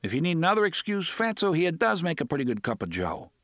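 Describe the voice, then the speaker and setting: A man's voice: fairly high pitch, big pitch swings, fast, a bit bright, no echo, clean studio sound, voice pushed up. A man voicing a genial older man who loves riddles and old songs, teasing and playful in a full melodious voice.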